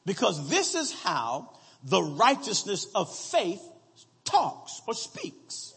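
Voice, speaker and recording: A man preaching a sermon, slowly reading scripture aloud and calling out to his congregation for answers. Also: sits high, wildly swooping pitch, creaky, fairly bright tone, breathy edge, big-room sound.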